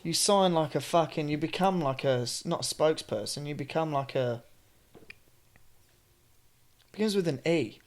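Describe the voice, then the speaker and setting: A man's voice: fairly high pitch, expressive, fairly quick. Australian man, podcast co-host, loose sweary chat, sentences trail off. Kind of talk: casual chat.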